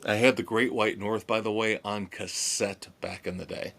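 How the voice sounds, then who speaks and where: A man's voice: fairly low pitch, fairly even intonation, fairly bright tone. A man hosting a rock podcast, running through tour news in a chatty, opinionated way. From United States. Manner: chatty, opinionated, drawn-out delivery. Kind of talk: casual music news rundown.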